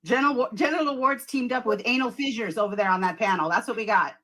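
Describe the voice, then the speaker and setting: A woman's voice: a little high, quick pace, pushed and bright. A woman on a livestream panel, giggling as she throws crude insults in casual chat.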